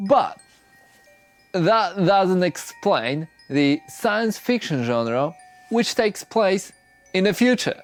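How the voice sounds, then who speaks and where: A man giving scripted explainer narration in a lively, explanatory manner. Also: high voice, slow, faint music behind. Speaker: video narrator.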